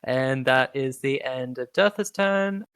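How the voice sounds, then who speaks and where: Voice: mid-range voice, measured pace, a bit bright, clean tone, dry recording. A game master narrating a tabletop game in a laid-back, hesitant way with many ums.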